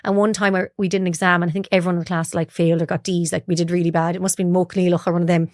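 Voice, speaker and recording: This Irish broadcaster from Galway races along in a fairly low, level, slightly mellow voice, recorded at studio quality with no echo. As a guest in a casual storytelling interview, she shares chatty anecdotes from her life and acts out the dialogue.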